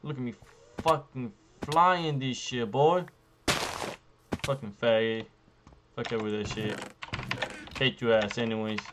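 A young man giving profane, frustrated commentary while playing a survival game, jumping between loud outbursts and low muttering. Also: background noise. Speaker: gaming YouTuber. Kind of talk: profane live gameplay commentary.

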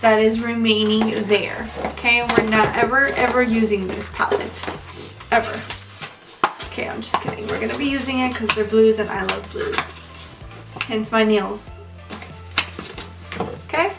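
A young woman chatting casually to her viewers as she unboxes beauty products, gushing and excitable. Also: fairly high pitch, unhurried, long pauses. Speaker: beauty vlogger. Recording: echoey room, mic far off, music behind.

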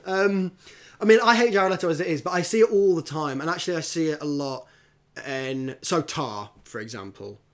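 Animated man chatting on a podcast. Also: on the high side, moderate pace. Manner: animated, restarts, mimics actors. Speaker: podcast host. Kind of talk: casual chat.

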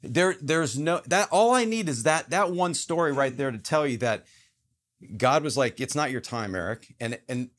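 A man's voice: on the high side, expressive, normal speed. Earnest man telling a personal story. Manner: earnest, emphatic, acts out quotes in his story. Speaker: guest, actor. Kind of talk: casual storytelling in conversation.

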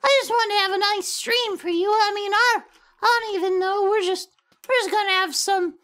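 A man's voice: very high voice, steady tone, normal speed, pushed and bright, pitched above the performer's own voice. A man doing an impression of a fellow streamer, sounding chipper, whiny and stammering. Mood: flustered. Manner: overly upbeat turning whiny and stammering. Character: impression of a fellow streamer, cheerful then deflated.

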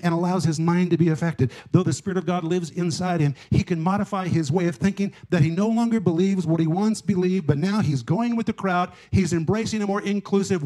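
A man's voice: a little high, mellow, low-quality recording. Emphatic male pastor preaching. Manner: emphatic preaching, drawn-out stressed words. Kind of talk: sermon.

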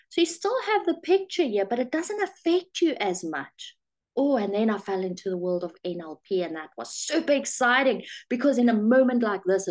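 Middle-aged lady coach chatting to camera, kinda high voice, acts out her own thoughts as she goes. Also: normal speed. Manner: animated, acts out her own inner voice in quotes. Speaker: life and manifesting coach. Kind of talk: direct-to-camera coaching talk.

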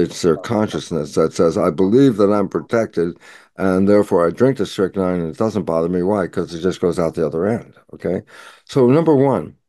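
Man explaining with animated acted-out dialogue. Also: sits low, dry recording, clean studio sound. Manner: animated, acts out imagined back-and-forth dialogue. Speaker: guest scientist. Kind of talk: explanatory interview talk.

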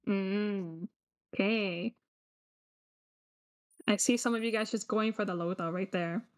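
A woman's voice: medium pitch, slow. A woman hosting a live online quiz lesson, teasing and joking with players, switching between English and Cantonese with a Cantonese accent. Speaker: quiz host and teacher. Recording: music playing behind the voice.

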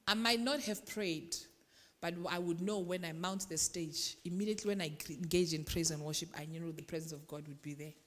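A woman preacher, delivering an animated sermon that swings between quiet and loud passages and acts out people in her congregation. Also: on the low side, fairly quick. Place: large church hall. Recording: long hall reverb.

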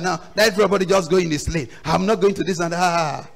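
Male pastor, sermon, higher voice, dramatic loud-soft swings, acts out story voices. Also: fast talker, vocal fry, hardly any pauses. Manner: preaching with sudden loud rises and low drops.

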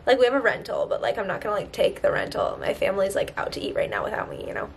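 A woman's voice: medium pitch, huge pitch swings, racing, gravelly, slight background noise. A young woman chatting in a casual vlog, bubbly and giggly, talking to a handheld camera. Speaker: vlogger. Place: car and outdoors by the beach.

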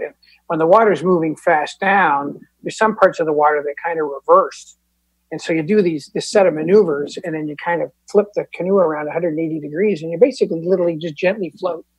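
Husky-voiced man telling his story. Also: fairly high pitch, no echo, rough recording. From Canada. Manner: casual, candid, self-deprecating, with fillers and restarts. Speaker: Al-Anon speaker. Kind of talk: personal recovery storytelling.

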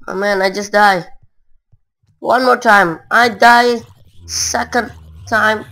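A woman's voice: a little high, takes it slowly, pauses often, fairly bright tone, low-quality recording. A woman giving casual, rambling gameplay commentary in broken non-native English, with frequent filler words. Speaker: gamer.

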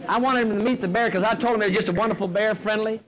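High-voiced folksy man telling a story. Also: very fast, a little hiss or hum, poor audio. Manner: folksy, animated storyteller with comic timing. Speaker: motivational speaker. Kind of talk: humorous storytelling speech. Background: audience laughter.

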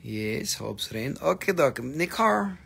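A man's voice: mid-range voice, big pitch swings, measured pace, gravelly, a bit bright, a little hiss or hum. A man hosting a live stream crystal sale, with playful salesman patter in a put-on joke voice and some cursing. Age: adult with a daughter.

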